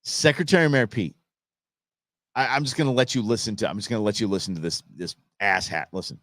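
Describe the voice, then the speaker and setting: A man's voice: on the low side, a little fast, fairly bright tone, no room sound, studio quality. A man hosting a live political commentary show, fired up and sarcastic, often restarting and repeating himself. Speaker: show host.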